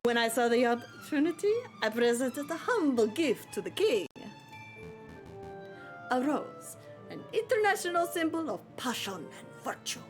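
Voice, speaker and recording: A flamboyant, courtly fox prince, voiced by a woman speaks with a put-on Spanish accent. The voice sits fairly high and moves animatedly. There is faint music underneath. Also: sing-song, normal speed. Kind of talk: reading a visual novel aloud.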